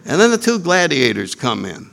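A man telling a humorous spiritual story, animated and acting out the voices of his characters. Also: on the high side, moderate pace, vocal fry.

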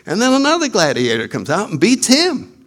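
A man telling a humorous spiritual story, animated and acting out the voices of his characters. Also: sits high, brisk.

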